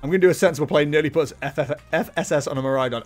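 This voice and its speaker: On a desk microphone and webcam, a man with a voice on the high side talks rapid-fire while live-streaming a card game. He keeps it casual, joking about himself and laughing often, with faint music behind him.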